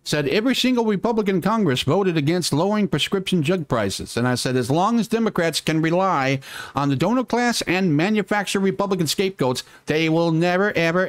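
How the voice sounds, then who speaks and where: A man's voice: a little high, no room sound. A man hosting a casual political live stream, rambling and sarcastic, muttering to himself as he works his computer and swearing now and then.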